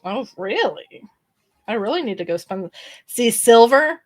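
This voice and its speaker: A woman's voice: on the high side, unhurried. A young American woman streaming live, chatting playfully and swearing freely. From United States. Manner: animated, playful and swearing, with sudden squeals. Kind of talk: casual live-stream chat.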